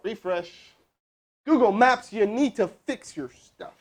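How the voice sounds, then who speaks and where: A man's voice: high voice, takes it slowly. A man making a live cold sales call and then coaching his crew, talking casually with lots of fillers and restarts. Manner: energetic, rambling, full of fillers.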